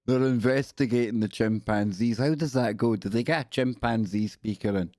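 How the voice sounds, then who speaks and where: A man's voice: mid-range voice, normal speed, darkish tone, dry recording, clean studio sound. A man hosting a livestream show, giving comic commentary on news stories with joking, rambling asides.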